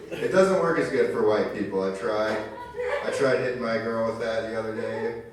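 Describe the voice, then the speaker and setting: Young male stand-up, lowish voice, loose and crude, picked up from far back in a very echoey hall with crowd noise. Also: moderate pace. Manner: loose, crude, conversational storytelling. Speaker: stand-up comedian. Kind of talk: stand-up set. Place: live stage in a community arts venue. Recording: very echoey room recorded from far off. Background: crowd ambience.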